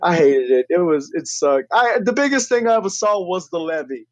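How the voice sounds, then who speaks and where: A man telling stories in casual, profane podcast chat, animated and loud on quoted lines. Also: sits high, normal speed, no room sound. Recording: dull, dry lo-fi recording.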